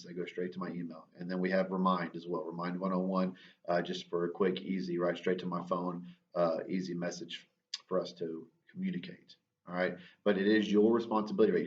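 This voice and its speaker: A man with a low voice talks through class assignments in a relaxed, conversational way, checking in with "right?" as he goes. He sounds set back from the mic, and the recording is dull and lo-fi. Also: distant mic. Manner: casual, repeats "all right" and "right?" often. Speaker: teacher.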